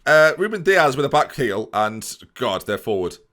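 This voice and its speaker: Lively joking gaming commentator. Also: male voice, mid-range voice, moderate pace. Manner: playful, jokey, addresses viewers constantly. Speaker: gaming YouTuber. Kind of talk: let's play commentary.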